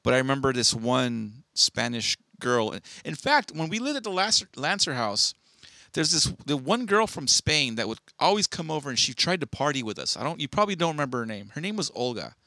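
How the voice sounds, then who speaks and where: A man with a bright, forceful voice chats on a podcast, rambling through stories and swearing freely. His voice is close and dry, with no room sound at all. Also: medium pitch, very animated, fairly quick, no echo. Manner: profane, rambling storyteller. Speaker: podcast co-host. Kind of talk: casual podcast chat.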